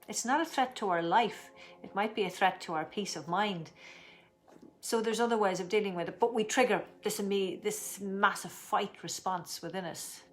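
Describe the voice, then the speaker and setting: A middle-aged woman leading a guided tapping session, giving slow, soothing instructions and stretching out repeated affirmations. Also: medium pitch, soft background music. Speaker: tapping and breathing teacher.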